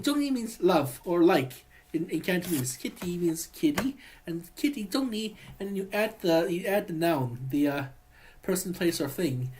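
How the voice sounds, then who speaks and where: Man, chatty vlogger, halting, lots of restarts, very lively pitch, warm terms of endearment. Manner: rambling, halting, many restarts; affectionate, addresses partner as honey. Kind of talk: personal video message.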